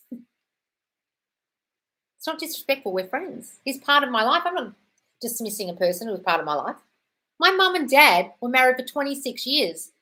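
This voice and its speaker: A woman's voice: fairly high pitch, pushed and bright, low-quality recording. A woman in her thirties hosting a live Q&A, reading viewer comments and answering in a blunt, sweary way, calling people "darling". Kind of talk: casual live Q&A chat.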